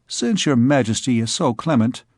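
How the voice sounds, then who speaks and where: A man reads as a scheming royal physician, slow and pompous, wheedling favors out of his patient. The voice is a touch lower than plain reading but of middling pitch, captured dry and close. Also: expressive, a little mellow, dry recording, close to an everyday voice. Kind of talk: audiobook character reading.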